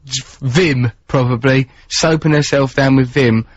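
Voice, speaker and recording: A man with an Essex accent from England hosts a radio show, chatting in a florid, wordy, teasing way. His voice is medium-pitched, steady and slow, with no room sound and a dull, dry radio studio sound.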